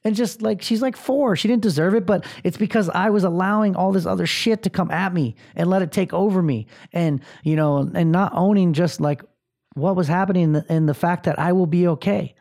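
A man's voice: high voice, brisk, vocal fry, a little mellow. A man in his thirties hosting a podcast, talking bluntly and with a lot of swearing and filler words in a rambling motivational monologue. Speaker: podcast host.

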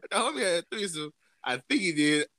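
A man's voice: fairly high pitch, animated, brisk, bright, forceful tone, dry recording. A man casually telling a profane story to friends on a podcast, acting out the people he quotes with big jumps in his voice. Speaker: podcast host.

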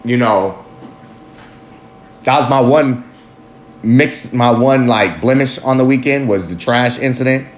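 A man in a casual personal monologue, candid and rambling, swearing freely and jumping up in pitch for emphasis. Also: unhurried, long pauses. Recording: echoey room with faint ambient noise.

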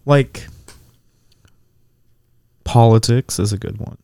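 A man co-hosting a casual podcast, talking in a relaxed, reflective way and laughing easily. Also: on the low side, moderate pace, clear, resonant tone, no room sound, studio quality. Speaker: podcast co-host.

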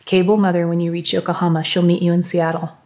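A woman reading aloud, voicing a tired middle-aged American father whose voice grows weak and rasping. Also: lowish voice, level tone, quick pace, a little mellow, close to an everyday voice. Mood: faint.

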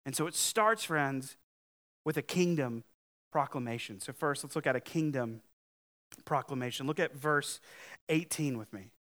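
With a medium-pitched, expressive voice at an ordinary pace, a pastor preaches to his congregation. He keeps things conversational but forceful, and his volume varies a great deal.

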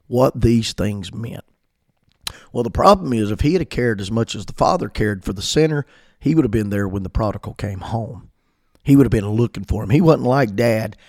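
A man's voice: medium pitch, creaky, darkish tone, no echo, studio quality. A man preaching a sermon, earnestly quoting scripture in old-fashioned wording.

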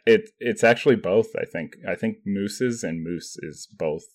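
A man's voice: lowish voice, a little slow. A man with a Western Canadian accent, chatting easily as a podcast guest and explaining things with a laugh. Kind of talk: casual chat.

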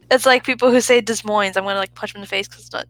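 A woman's voice: fairly high pitch, a bit bright, low-quality recording. A woman in casual chat who swears freely, laughs often and trails off mid-sentence.

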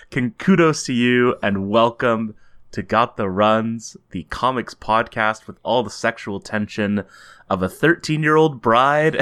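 A man's voice: medium pitch, a bit bright. A Canadian man co-hosting a podcast, bantering dryly and laughing often. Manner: dry, joking, laughs often. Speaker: podcast co-host.

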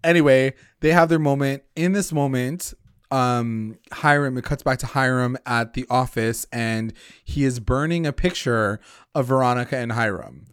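A man co-hosting a casual chat, recapping a TV episode, talking with animated energy and acting out lines in a high voice. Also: normal speed, clean tone, dry recording, clean studio sound. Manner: animated, swearing, acts out characters in a high voice. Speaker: podcast co-host recapping a TV episode.

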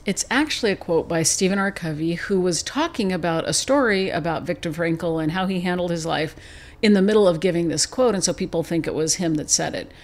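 A middle-aged woman hosting her own podcast, telling a personal story in a lively, reflective way. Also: fairly low pitch, fairly quick. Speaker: podcast host. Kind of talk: solo podcast talk.

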